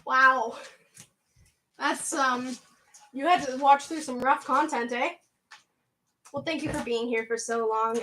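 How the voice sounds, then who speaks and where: A young Canadian woman with a southwestern Ontario accent chats on a livestream in a bright, high voice. She comes across bubbly and talkative, laughing often as she reads out and answers her viewers' messages. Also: a little slow, long pauses, a little hiss or hum, rough recording. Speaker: livestream host. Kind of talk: casual livestream chat.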